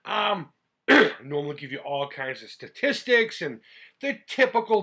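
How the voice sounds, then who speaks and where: A man's voice: high-pitched, big pitch swings, a little slow, pushed and bright. A middle-aged man from the United States who hosts a retro gaming channel, talking in a chatty, heartfelt vlog style that rambles and restarts. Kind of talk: casual vlog talk.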